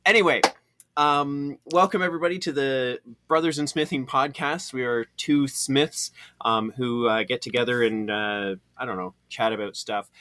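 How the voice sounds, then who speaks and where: A man co-hosting a podcast as a blacksmith, chatting in a relaxed, rambling, joking way. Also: medium pitch, moderate pace, no room sound. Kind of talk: casual chat.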